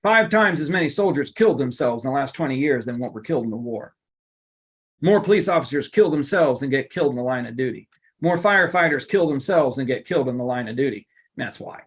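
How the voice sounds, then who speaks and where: Emphatic, animated male presenter. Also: mid-range voice. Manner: emphatic, animated, repeats phrases for effect. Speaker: workplace trainer and coach. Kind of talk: live online lunch-and-learn presentation.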